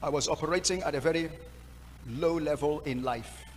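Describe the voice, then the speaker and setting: A Nigerian man preaches with emotional, impassioned storytelling. His voice sits somewhat high and rings with a long hall reverb. A faint noise runs under the recording. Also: moderate pace. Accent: Nigerian English. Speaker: pastor. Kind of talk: sermon.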